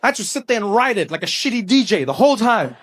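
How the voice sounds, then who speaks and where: Male stand-up comic with a very high voice, punchy delivery, hammering refrains. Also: quick pace. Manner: punchy, repeated refrains, animated. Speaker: stand-up comedian. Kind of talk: stand-up comedy.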